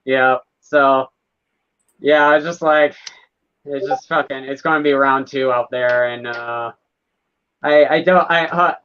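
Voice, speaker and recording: A man's voice: medium pitch, steady tone, slow pace, long pauses, smooth, highs cut off. A man co-hosting a livestream who chats loosely, jokes, laughs and swears often. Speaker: podcast co-host. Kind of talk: casual livestream chat.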